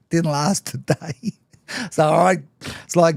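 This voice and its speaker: A man's voice: fairly high pitch, slow, gravelly, darkish tone, no echo, clean studio sound. A man telling his own story to an interviewer, frank and self-mocking, and often laughing as he talks. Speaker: guest. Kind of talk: personal storytelling in conversation.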